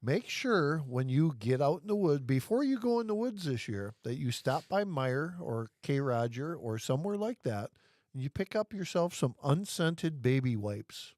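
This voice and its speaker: A man's voice: a little high, sing-song, normal speed, a little mellow, dry recording. A man chats as the host of a live show, easygoing and folksy, often tripping over his first words before getting going. His voice sits in an ordinary middle range, recorded dry and close with no room sound. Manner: folksy, repeats words when starting. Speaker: podcast host. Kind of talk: casual chat.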